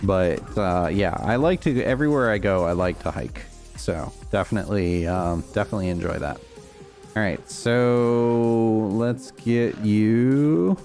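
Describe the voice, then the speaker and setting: A man's voice: lowish voice, measured pace, darkish tone, faint music behind. A young man chatting casually on his livestream while playing, rambling and answering chat with lots of fillers. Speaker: streamer.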